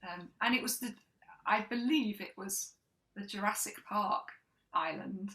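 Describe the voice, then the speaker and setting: Bright-voiced woman, casual chat. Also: mid-range voice, unhurried, rough recording. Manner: laughs often, trails off and restarts. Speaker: co-host.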